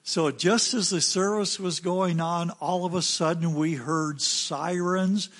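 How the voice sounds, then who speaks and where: Slow-talking American preacher man. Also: high-pitched, fairly even intonation, fairly bright tone. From United States. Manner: unhurried anecdotal telling with fillers. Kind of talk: sermon storytelling.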